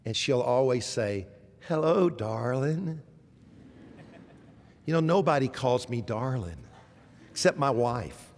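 A middle-aged man with a Southern American accent preaching a sermon, moving between emphatic exhortation and soft, tender asides. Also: mid-range voice, expressive, normal speed, long reverb tail. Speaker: pastor.

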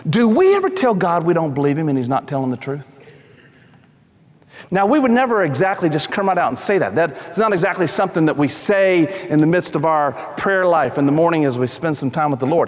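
A man preaching a sermon, talking emphatically to his listeners, calling them folks and dropping his voice low for stress. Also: expressive, brisk, big-room sound.

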